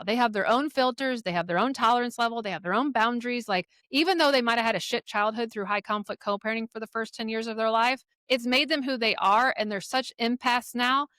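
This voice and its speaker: A middle-aged woman speaking as a podcast guest, telling her own parenting stories candidly, with blunt language and lively acted-out quotes. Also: a little high, quick pace, hardly any pauses, no echo, studio quality. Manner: frank, profane, animated retelling of quotes. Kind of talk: candid conversational storytelling.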